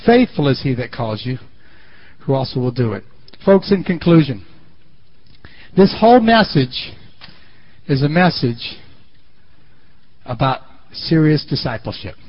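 A man preaching a sermon in an animated way, swinging between loud and quiet, on a muffled lo-fi recording. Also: medium pitch, measured pace, long pauses.

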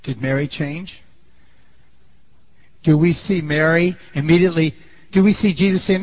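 A man's voice: a little high, moderate pace, pauses often, highs cut off. A man preaching a sermon in a dramatic storytelling style, often asking the audience questions.

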